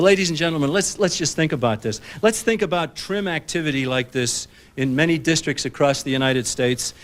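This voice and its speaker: A man, an author, giving a public lecture to an audience, folksy and emphatic, acting out what others said in lively asides. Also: on the high side. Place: public library lecture hall. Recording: 1990s broadcast recording.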